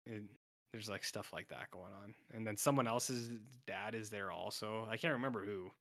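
Guy on a podcast going over a tv episode, bright tense voice, rambles and does the characters' lines. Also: fairly low pitch, moderate pace. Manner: rambling, self-interrupting, acts out characters' lines. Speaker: podcast co-host. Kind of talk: casual episode recap chat.

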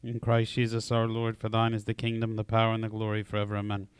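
A man recites liturgical prayers in a steady, flat monotone with almost no rise and fall. His voice is smooth and clean. The sound is dry and close, with no room around it. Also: on the low side, fast, dry recording. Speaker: prayer leader.

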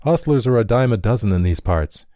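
A man's voice: on the low side, lively intonation, a little fast, warm tone, no room sound, studio quality, voice pushed up, close to an everyday voice. A man voicing a blunt, dismissive male livery stable owner who talks scornfully. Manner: brusque, scornful.

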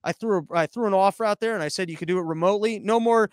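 A man's voice: sits high, rapid-fire, no room sound, clean studio sound. A man hosting a podcast as a live stream, rambling through viewer comments in a sarcastic, crude, offhand way. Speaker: podcast host.

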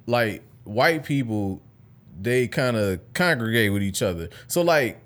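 A man's voice: mid-range voice, lively intonation, measured pace. A young man from Detroit in casual podcast chat, laid-back and slangy, laughing often. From Detroit, Michigan.

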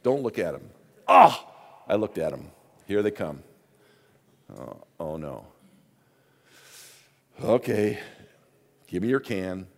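Animated male pastor preaching a sermon. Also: low voice, slow pace, gravelly, pauses often. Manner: animated storytelling, voice swinging from hushed to loud.

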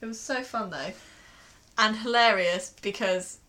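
A woman's voice: medium pitch, a little slow, sharp tone. Chatty, giggly English woman podcaster. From England. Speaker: podcast co-host. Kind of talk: casual chat.

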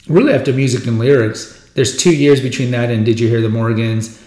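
A male podcast host talks through an actor's films in a loose, rambling, enthusiastic chat. His voice sits at an ordinary middle pitch. The room around him rings with a noticeable echo. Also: darkish tone. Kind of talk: casual film retrospective chat. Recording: roomy echoey room sound.

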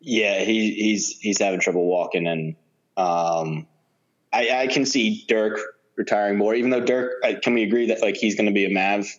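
A man's voice: fairly low pitch, moderate pace. Laid-back man on a dull lo-fi mic. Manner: relaxed, laughs often, many fillers. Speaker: podcast co-host. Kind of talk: casual sports chat. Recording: dull lo-fi sound.

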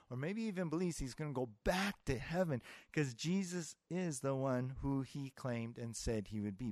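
A man's voice: a little high, a little mellow, dry recording, studio quality. A man preaching a sermon as pastor, in a conversational way that acts out the voices he quotes. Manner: conversational, with filler words and restarts, acting out quoted voices.

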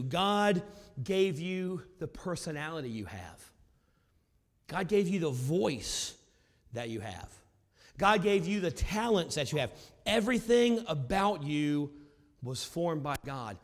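A male pastor preaching a sermon, with a loud, carrying voice that swings from booming to hushed. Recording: long hall reverb.

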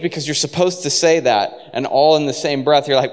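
A man preaching a sermon in a relaxed, conversational way, full of fillers and restarts. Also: on the high side, brisk, few pauses, clean tone, in a large hall. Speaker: pastor.

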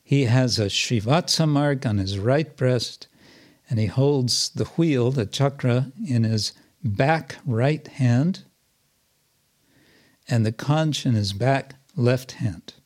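Slow, hesitant man teaching scripture. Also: medium pitch, a little mellow. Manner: slow and hesitant, many fillers and restarts. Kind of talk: slow scripture class with readings.

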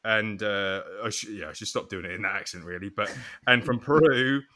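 A man's voice: lowish voice, brisk, bright, forceful tone. A man hosting a casual podcast chat, joking and swearing as he goes through names. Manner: banter with swearing. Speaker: podcast host.

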